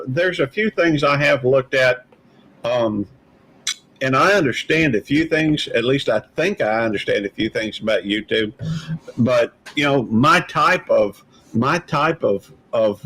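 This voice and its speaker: A man's voice: mid-range voice, lively intonation, a little slow, fairly bright tone, husky, poor audio. A man hosting a casual live-stream panel chat, rambling and hesitant with many fillers and restarts. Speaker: channel host.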